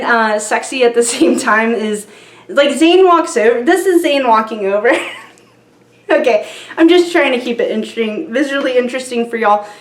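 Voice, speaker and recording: A woman's voice: a little high, roomy sound. A young woman vlogger telling a casual story to camera, rambling with lots of fillers and giggles.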